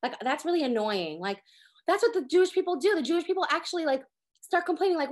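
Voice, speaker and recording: A woman in her thirties with a high, quick voice gives a casual Torah lesson. She talks fast and with energy, acting out exasperated little prayers mid-sentence. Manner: animated, acts out exasperated prayers. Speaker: Torah teacher. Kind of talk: casual online class.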